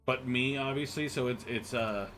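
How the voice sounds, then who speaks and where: A man's voice: mid-range voice, sharp tone, slight background noise. A man streaming live and chatting casually, often repeating himself and breaking into laughs.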